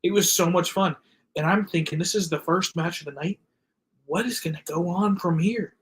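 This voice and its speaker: A man with a somewhat high voice talks through a wrestling match on a casual podcast. He is an enthusiastic fan and checks his notes as he recaps the action. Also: normal speed, slight background noise, rough recording. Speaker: podcast co-host.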